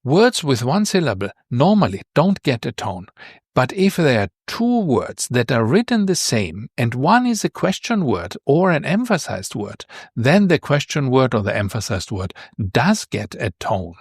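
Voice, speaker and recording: A man's voice: medium pitch, very animated, unhurried, husky, dry recording, studio quality. Man teaching a patient beginner lesson. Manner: patient, explains with examples and repeated words; checks understanding with repeated "right?". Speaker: language teacher.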